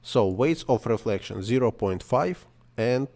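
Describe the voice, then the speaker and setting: Man giving a halting non-native tutorial. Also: mid-range voice, animated, darkish tone. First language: not English. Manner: halting non-native English, thinking aloud, self-correcting. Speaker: 3D software tutorial maker. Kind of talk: screen-recorded software tutorial.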